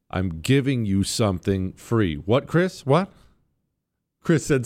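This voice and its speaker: A man hosting his own talk radio show, with a brash, combative and sarcastic delivery. His voice is mid-pitched and sure of itself as he runs through a monologue and ad reads. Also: expressive, unhurried, a little mellow.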